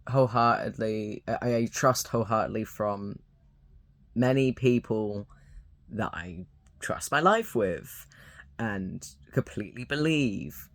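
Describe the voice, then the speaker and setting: A young man talking to camera with hesitant, halting speech, full of fillers and restarts. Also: medium pitch, a bit bright, no echo. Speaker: YouTuber. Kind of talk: unscripted talking-to-camera commentary.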